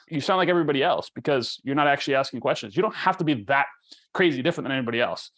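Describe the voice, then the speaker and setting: A man hosts a podcast, and his talk comes out fast and loose, full of "like" and "you know". His pitch sits in the middle of the usual range. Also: a bit bright. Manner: fast, filler-heavy, lots of "like". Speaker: podcast host. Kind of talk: casual interview chat.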